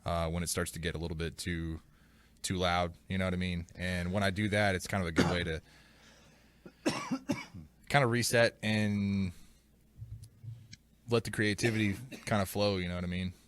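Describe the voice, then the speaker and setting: A man's voice: low-pitched, fairly even intonation, moderate pace, long pauses, dry recording. A man, a musician guest on a podcast, talking in a loose, rambling way with lots of fillers and casual swearing. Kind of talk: casual chat.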